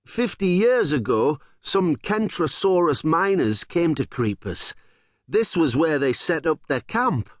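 A man's voice: on the high side, big pitch swings, slow pace, no echo, clean studio sound, pitched above the performer's own voice. A man voicing a brainy male dinosaur crew member in a children's audiobook, explaining things. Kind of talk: audiobook character voice.

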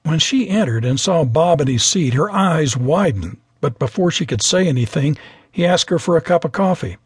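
A man narrating a memoir audiobook with lively storytelling, on a studio microphone. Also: on the high side, moderate pace, husky, no echo. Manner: lively storytelling, voices every character.

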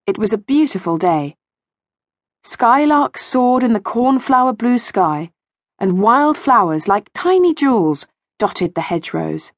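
A woman narrating a children's audiobook with expressive storytelling, recorded in a studio. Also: fairly high pitch, measured pace, no echo. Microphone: studio mic.

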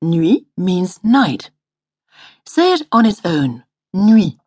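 A woman instructor reading a scripted audio language lesson in a studio, slowly modelling each word to repeat. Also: on the low side, huge pitch swings, a little mellow. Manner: patient, slow model pronunciation.

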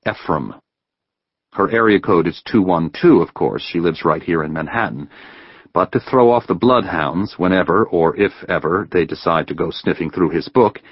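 A man reading a novel aloud in a measured, even way as an audiobook narrator. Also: sits low, slightly rough, no echo, dull audio. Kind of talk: scripted narration.

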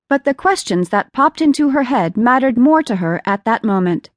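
A woman's voice: fairly high pitch, no room sound. Woman narrating an audiobook, dry booth. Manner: steady, measured storytelling. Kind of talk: scripted narration.

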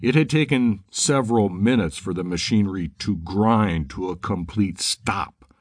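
Male audiobook narrator, low, steady reading, close dry studio mic. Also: no room sound. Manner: measured, steady storytelling. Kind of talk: scripted narration.

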